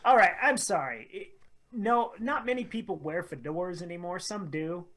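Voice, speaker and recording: A man's voice: high voice, normal speed, a bit bright. Jokey male radio co-host. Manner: loose, jokey, laughs through remarks. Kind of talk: casual radio banter.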